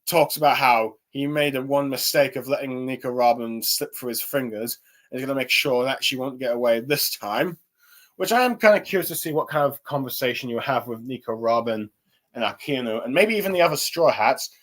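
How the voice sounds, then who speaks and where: A man's voice: mid-range voice, brisk, fairly bright tone. A young man giving a casual spoken review, rambling with lots of fillers and restarts. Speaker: anime and manga reviewer.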